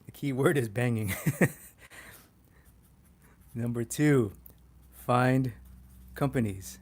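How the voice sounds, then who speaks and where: Male art instructor on a livestream, mid pitch, excitable and profane. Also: slow, pauses often. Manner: excitable, swears casually, laughs often. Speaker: poster artist teaching a livestream. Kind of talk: casual livestream tutorial.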